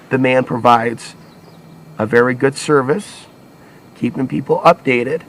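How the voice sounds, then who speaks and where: A man's voice: mid-range voice, a little hiss or hum. A man hosting his own alternative media channel, talking alone in a rambling monologue full of restarts and self-corrections. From United States. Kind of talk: solo monologue to camera.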